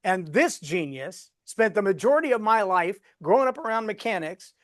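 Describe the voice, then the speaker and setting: A man coaching a live webinar on storytelling, folksy and animated as he walks through examples. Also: high voice, normal speed, dry recording, studio quality.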